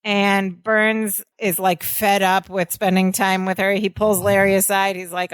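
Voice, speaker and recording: A woman's voice: medium pitch, little pitch movement, a little slow, few pauses, clean tone, no room sound. A woman co-hosting a podcast, casually retelling sitcom scenes and laughing along with her co-host. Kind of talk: casual chat recapping a sitcom episode.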